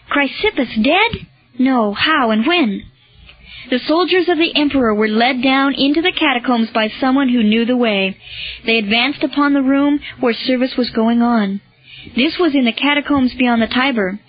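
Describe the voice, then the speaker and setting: A woman reading a historical novel aloud in a measured, even way, lightly voicing the dialogue. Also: on the high side, dry recording, muffled recording. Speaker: audiobook narrator. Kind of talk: scripted narration of a historical novel.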